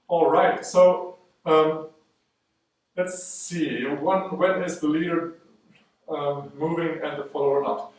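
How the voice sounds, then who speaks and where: A man's voice: fairly high pitch, fairly even intonation, moderate pace, distant mic. Man counting dance steps in an echoey room. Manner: counts beats aloud while demonstrating steps. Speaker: dance teacher. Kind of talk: online dance lesson. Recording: roomy echo, speaking from away from the mic.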